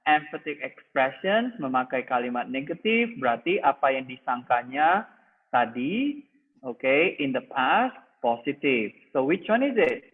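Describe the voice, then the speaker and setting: A man's voice: mid-range voice, sing-song, normal speed, slightly rough. A man with an Indonesian accent teaching an English test-prep class. He quizzes the students and explains each answer. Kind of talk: TOEFL listening class review. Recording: tinny phone-like sound with long echo.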